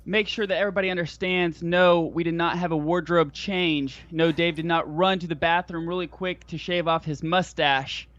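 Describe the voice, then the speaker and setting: A man's voice: fairly high pitch, steady tone, moderate pace, hardly any pauses, fairly bright tone, dull audio, soft background music. A man co-hosting a talk podcast, chatting casually and eagerly. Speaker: podcast co-host. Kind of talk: casual chat.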